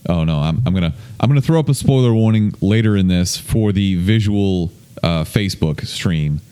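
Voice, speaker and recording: A man's voice: low-pitched, normal speed, dark tone, smooth. A man hosting a podcast in loose, rambling casual chat, swearing freely. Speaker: podcast host. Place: indoor room, streamed on video.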